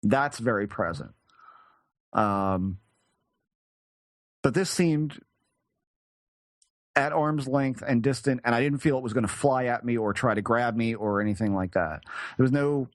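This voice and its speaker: A male podcast guest recounting a personal experience, halting and searching for words with frequent restarts. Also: mid-range voice, no echo.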